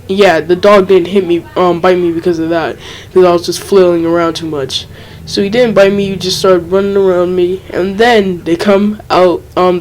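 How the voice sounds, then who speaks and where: A man's voice: sits high, slight background noise, low-quality recording. Rambling young man telling a story. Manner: rambling, filler-heavy, laid-back. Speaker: vlogger. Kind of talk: casual story time.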